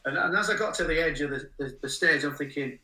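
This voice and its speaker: Older guy in his 60s telling rambly stories, bright voice, roomy room, mic kinda far off. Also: fairly high pitch, fast talker. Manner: rambling storyteller who laughs at his own tales. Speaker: musician guest. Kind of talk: casual anecdote telling. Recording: roomy sound from a distant mic.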